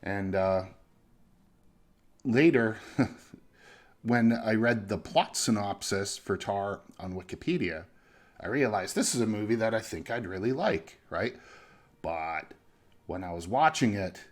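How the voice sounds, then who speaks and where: A man's voice: on the low side, expressive, measured pace, long pauses. A man reviewing films casually, talking conversationally and checking in with the listener through frequent "right?" and "you know" tags. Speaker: movie reviewer.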